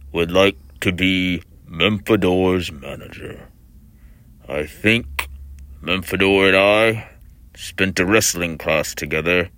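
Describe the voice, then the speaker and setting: A man voicing a mysterious masked male villain on an audition tape, with slow, deliberate, ominous pauses. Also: sits low, pushed and bright, dry recording, full character voice.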